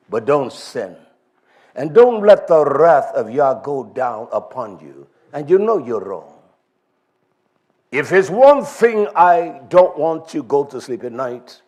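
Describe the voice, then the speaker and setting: A man's voice: a little high, darkish tone. A man preaching a sermon in an emphatic, repetitive style, driving his points home.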